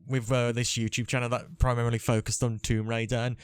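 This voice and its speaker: A man's voice: mid-range voice, little pitch movement, fast talker, smooth. A man hosting a casual gaming podcast, chatting and rambling with restarts. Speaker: podcast host. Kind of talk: casual chat.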